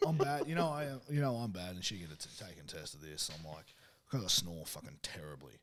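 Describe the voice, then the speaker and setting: A man's voice: low-pitched, fast talker, noisy background. A man co-hosting a podcast, speaking expressively in casual chat and swearing freely. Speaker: podcast co-host.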